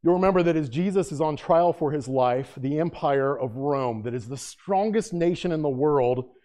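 A male pastor preaches a dramatic sermon and keeps returning to rhetorical questions. His voice is mellow and warm, and it swings between hushed, low lines and loud, raised ones. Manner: dramatic, repeated rhetorical questions, acts out quotes.

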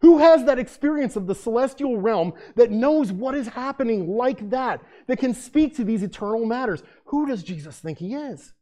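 A male pastor preaches a dramatic sermon and keeps returning to rhetorical questions. His voice is mellow and warm, and it swings between hushed, low lines and loud, raised ones. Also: animated, moderate pace, hardly any pauses. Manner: dramatic, repeated rhetorical questions, acts out quotes.

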